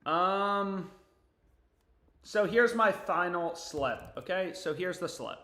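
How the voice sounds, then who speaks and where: Young man, high-pitched, excitable, swears, casual livestream, echoey room. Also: slow. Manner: excitable, swears, talks to himself. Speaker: sports betting streamer. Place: home.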